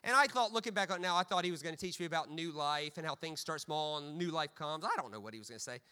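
A man's voice: a little high, lively intonation, fast talker, sharp tone, clear, resonant tone. A man preaching a sermon, mixing humorous storytelling with stammered repeats.

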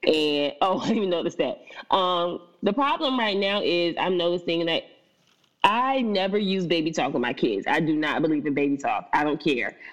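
Woman podcast co-host, low-ish voice, lively and chatty, dull lo-fi recording. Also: moderate pace. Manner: animated storyteller, laughs often, mimics baby talk. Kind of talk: casual chat.

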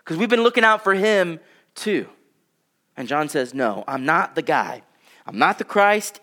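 A man, preaching a sermon in a conversational way, with fillers, dropping his voice low when he reads scripture. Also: very animated, measured pace, sharp tone. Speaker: pastor.

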